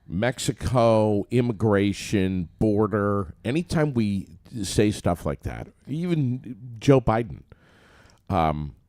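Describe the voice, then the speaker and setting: A man's voice: fairly low pitch, animated, slow pace, a little mellow, no room sound, clean studio sound. A man co-hosting a casual morning talk show, reading news headlines and bantering wryly. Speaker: radio co-host. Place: studio.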